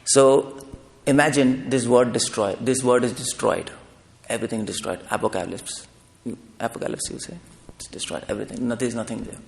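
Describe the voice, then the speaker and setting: A man lecturing to an audience, pressing his points with rhetorical questions. His voice has a gravelly edge. The sound rings with the long reverb of a hall. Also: medium pitch. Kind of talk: public lecture. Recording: live talk in a reverberant hall.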